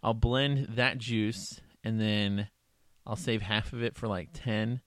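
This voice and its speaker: A man's voice: on the low side, steady tone, slow pace, fairly bright tone, no room sound, studio quality. A man chatting casually and joking around with a friend, riffing on silly ideas. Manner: joking, rambling, playful. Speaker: co-host. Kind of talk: casual chat.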